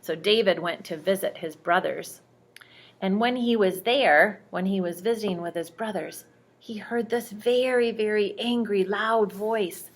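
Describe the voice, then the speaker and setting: A woman telling bible stories to a child, gentle and speaking directly to the listener. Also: mid-range voice, unhurried. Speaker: storyteller reading to a child. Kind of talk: bedtime bible storytelling.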